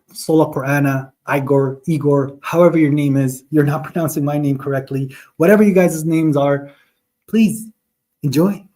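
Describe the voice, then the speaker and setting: This host of a live online religious talk has a mellow voice on the high side. He argues with viewers in the chat, mocking them and addressing them head-on, and quotes Arabic verses along the way.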